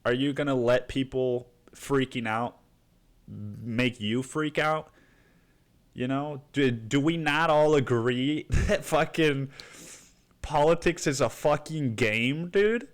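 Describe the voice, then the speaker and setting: A young man with the sniffles talks slowly through a rambling podcast monologue. He swears freely and drops slang constantly. His pitch sits in the middle of the range. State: sniffly with a cold. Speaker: podcast host.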